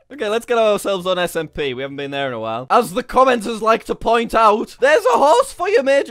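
Excitable man with a lively high voice. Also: a little fast, no echo, faint music behind. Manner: excitable, laughs often. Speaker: YouTuber host. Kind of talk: gaming commentary.

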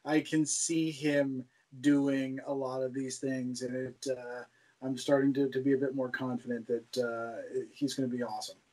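A man's voice: mid-range voice, level tone, normal speed, warm tone, rough recording. A man co-hosting a podcast in casual chat, mostly adding short agreeing remarks and dry quips. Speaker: podcast co-host.

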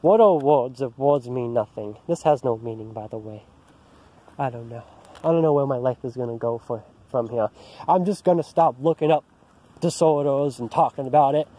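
A man's voice: medium pitch, normal speed, dark tone. Frustrated man ranting outdoors. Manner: agitated, frustrated, restarts often. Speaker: vlogger. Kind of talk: angry personal rant to camera. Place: empty park, outdoors.

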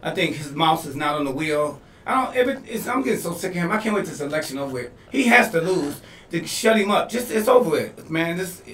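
A man co-hosting a podcast in casual comedic chat, loud and laughing often. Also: on the high side, quick pace, distant mic. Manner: loud, animated, laughing a lot. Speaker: podcast co-host. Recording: echoey room, off-mic, faint noise.

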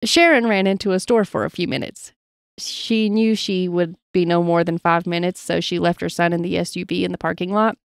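A woman's voice: on the low side, fairly even intonation, a little fast, vocal fry, no echo, studio quality. A woman podcast co-host reading paranormal stories from her notes in a casual chat, laughing easily and playing along with jokes.

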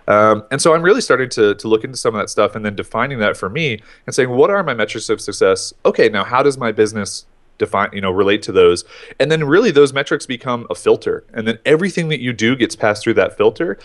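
A man's voice: mid-range voice, quick pace. A man in his thirties, a guest on a podcast, telling his story in casual talk and acting out his own thoughts. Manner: animated storyteller, acts out his own inner voice.

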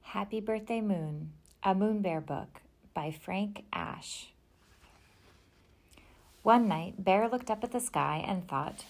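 A woman reading a children's picture book aloud in a gentle storytelling manner. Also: medium pitch, slow, creaky.

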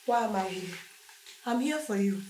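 A woman's voice: mid-range voice, lively intonation, moderate pace, echoey room, noisy background, lightly acted. A woman playing a spiteful scheming sister. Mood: taunting. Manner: taunting, insulting.

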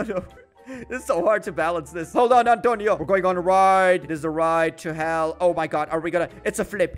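A young man narrates his gameplay in a jokey, excitable way, breaking into dramatic outbursts. His voice sits high for a man. Faint music plays behind him. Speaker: gaming YouTuber. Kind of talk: gameplay commentary.

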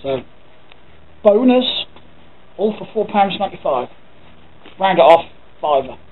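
An English man chats loosely to camera, wandering from one thought to the next with the odd curse. His voice sits a little high for a man. The recording is tinny and narrow, like a phone call, with a faint hiss behind it. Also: sing-song, a little slow. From England. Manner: rambling, thinking aloud, swears casually. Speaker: vlogger. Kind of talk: casual talking to camera.

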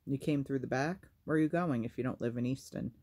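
A man voicing a calm, tall circus man in black who speaks slowly and thickly. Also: mid-range voice, lightly acted. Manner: slow, thick, unhurried.

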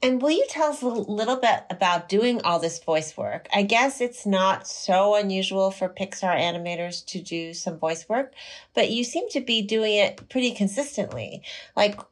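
A woman's voice: mid-range voice, expressive, normal speed. Curious woman asking interview questions. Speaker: podcast co-host.

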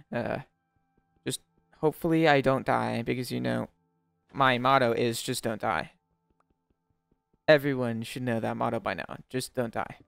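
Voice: mid-range voice, steady tone, measured pace, creaky, pauses often, no room sound, clean studio sound, soft background music. A young adult host giving gameplay commentary, jokey and melodramatic, laughing often and breaking into panicked shrieks when startled. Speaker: Minecraft let's-play host.

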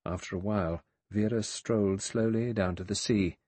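A man over sixty narrating a mystery audiobook in a measured, even way. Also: lowish voice, slightly rough, no room sound. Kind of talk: scripted narration.

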